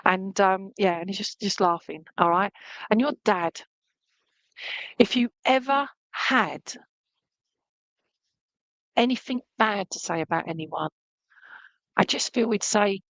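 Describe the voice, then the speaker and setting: A woman gives a live clairvoyant reading for an online church service, talking in a chatty, lively way. She keeps checking in with her listener and passes on a spirit's jokes. Her voice sounds dry and close, with no room around it. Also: medium pitch, unhurried, pauses often, no room sound, low-quality recording. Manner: chatty, keeps checking in with "okay?" and "all right?"; relays a spirit's words in a lively, joking way. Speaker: spiritualist medium.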